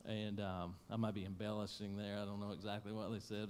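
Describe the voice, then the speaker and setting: A man preaching a sermon, telling a story in a folksy, emotional way that swings from loud to hushed. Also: on the low side, flat delivery, fairly quick, clean tone. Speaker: pastor. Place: church sanctuary.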